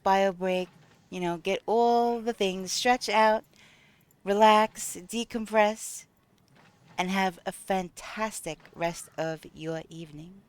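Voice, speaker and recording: A woman with a smooth, medium-pitched voice streams a video game live, chatting casually with viewers in a recording with no echo. She thanks them and talks through her gameplay, saying um a lot.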